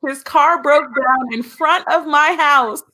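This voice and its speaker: A woman's voice: high-pitched, slow pace, bright, forceful tone, a little hiss or hum. A woman co-hosting a podcast in casual chat, reacting expressively and laughing a lot. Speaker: podcast co-host.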